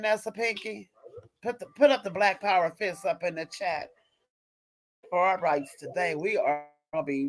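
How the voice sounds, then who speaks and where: An adult mother of small children hosts a live stream and reacts to viewer chat with a fiery, repetitive rant, her voice on the low side. She stops and restarts mid-sentence for emphasis, and the audio is poor.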